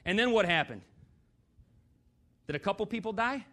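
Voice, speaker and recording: A man's voice: high-pitched, lively intonation, normal speed, a bit bright. A man preaching a sermon in a church, talking conversationally, putting questions to the congregation and slipping in dry, sarcastic humor.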